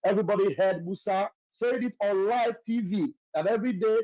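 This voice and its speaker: A man's voice: sits high, a little fast, warm tone, no room sound. Dull-sounding hesitant man with a Nigerian accent. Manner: hesitant, filler-heavy. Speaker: moderator of an online audio session. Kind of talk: hosting an online audio session. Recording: dull, dry lo-fi online audio.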